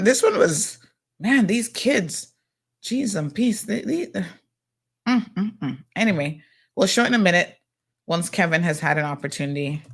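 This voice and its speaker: A woman hosting a casual local news chat, chatty and animated, full of asides and fillers. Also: low-pitched. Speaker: host.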